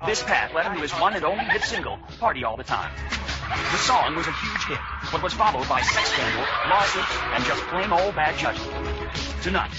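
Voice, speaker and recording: An actor playing a dramatic male documentary narrator in a comedy sketch, in a dull lo-fi clip under loud music. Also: on the high side, lively intonation, moderate pace, lightly acted. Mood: announcing.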